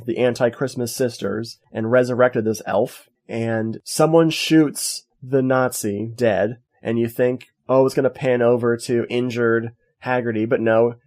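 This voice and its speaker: A man co-hosting a podcast in casual talk, telling a movie plot in an animated, jokey way and acting out the quotes. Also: mid-range voice, measured pace, few pauses. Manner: animated, jokey storyteller who acts out quotes. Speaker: podcast co-host. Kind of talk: casual movie review chat.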